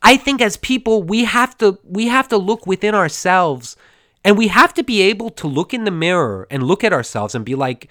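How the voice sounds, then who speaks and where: A man's voice: sits high, sing-song, normal speed, bright, forceful tone, dry recording, studio quality. A man hosting a podcast, recapping a movie in a rambling, digressive way, stammering and acting out the characters' lines, his throat a bit scratchy. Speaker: podcast host.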